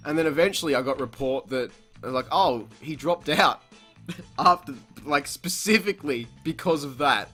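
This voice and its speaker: A young man, hosting a podcast and telling a story in casual chat. He swears freely, laughs a lot and shouts out the lines he quotes. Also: on the high side, moderate pace, faint music behind. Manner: profane, laughs often, acts out quotes loudly. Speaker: podcast host.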